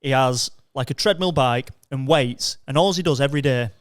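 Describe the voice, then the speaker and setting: A man's voice: medium pitch, normal speed, no room sound, studio quality. A man of about thirty hosting a casual podcast, teasing and telling stories with a laugh. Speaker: podcast host.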